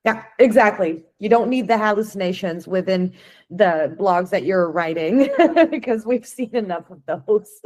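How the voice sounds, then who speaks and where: A woman's voice: medium pitch, measured pace, darkish tone. A woman hosting a podcast, asking curious, conversational questions of her guest. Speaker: podcast host. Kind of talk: casual interview chat.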